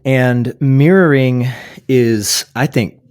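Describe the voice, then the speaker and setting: A pastor chatting as a podcast guest, discussing a book casually with many restarts and fillers. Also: male voice, medium pitch, slow pace, a little mellow, clean tone, no echo, studio quality.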